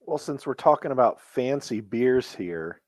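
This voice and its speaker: A man's voice: medium pitch, expressive, unhurried, a little mellow, no echo. Laid-back podcast co-host man. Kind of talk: casual chat.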